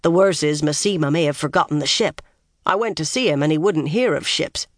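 A reader voicing a gruff, grim one-eyed male soldier who growls, talks bluntly and keeps biting back his curses. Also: mid-range voice, brisk, no echo, clean studio sound, lightly acted. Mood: grudging.

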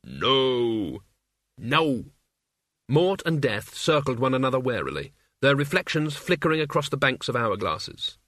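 A man reading an audiobook as its narrator, in an even, measured storytelling manner. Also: mid-range voice, dry recording, clean studio sound.

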